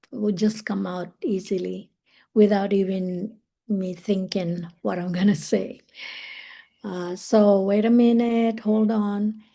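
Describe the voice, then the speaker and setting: Gravelly-voiced woman teaching English phrases. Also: medium pitch. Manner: relaxed, thinking aloud with fillers and restarts, slowing down to stress phrases. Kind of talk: live-streamed English lesson.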